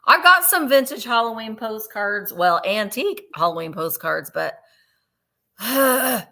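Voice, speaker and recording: A woman's voice: a little high, expressive, measured pace, pushed and bright. A woman hosting a live online vintage sale, chatting and gushing over each piece while counting down bids. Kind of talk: live online sales chat.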